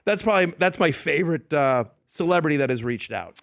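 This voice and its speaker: Animated man telling stories. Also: on the high side, fairly quick, gravelly, no room sound, studio quality. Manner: animated storyteller, acts out quoted yelling. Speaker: fantasy football analyst. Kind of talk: casual interview storytelling. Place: radio studio.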